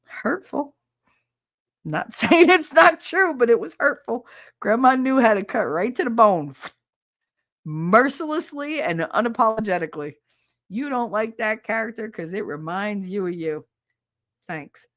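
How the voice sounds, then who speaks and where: A woman's voice: on the high side, animated, moderate pace, fairly bright tone. A middle-aged woman hosting a podcast in casual solo chat, rambling, nostalgic and self-mocking. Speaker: podcast host.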